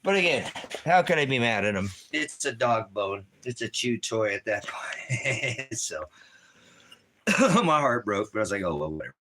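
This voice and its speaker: A man vlogging in casual chat, rambling and repeating himself with halting restarts. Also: medium pitch, big pitch swings, pushed and bright, slight background noise.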